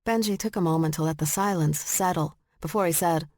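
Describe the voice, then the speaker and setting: A woman narrating a romance audiobook in slow, measured storytelling, recorded close on a studio mic. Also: lowish voice, a little mellow, dry recording. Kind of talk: scripted narration.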